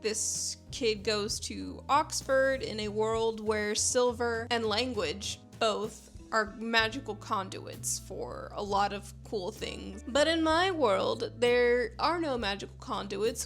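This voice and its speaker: A woman's voice: fairly high pitch, takes it slowly, few pauses, faint music behind. A young woman from Panama, a novelist, chatting enthusiastically about her book in a rambling writing vlog from her home computer room.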